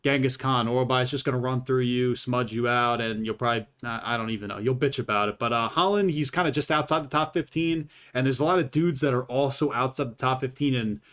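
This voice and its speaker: A man's voice: medium pitch, fast, few pauses, fairly bright tone. A man giving casual, rambling commentary, swearing freely and filling his talk with "uh" and "like". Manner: profane and rambling, with many fillers. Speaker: YouTube fight commentator.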